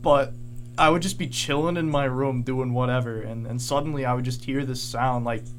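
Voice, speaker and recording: A young man co-hosting a radio show, casually recalling an odd experience in a plain, relaxed way. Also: mid-range voice, moderate pace. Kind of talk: casual storytelling chat.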